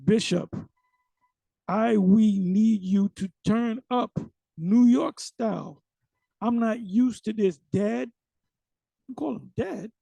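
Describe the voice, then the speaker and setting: A man's voice: sits high, slow, vocal fry, pauses often, dark tone, breathy edge, no echo. A man giving casual, emphatic commentary on a sermon video. He often repeats words and uses slang.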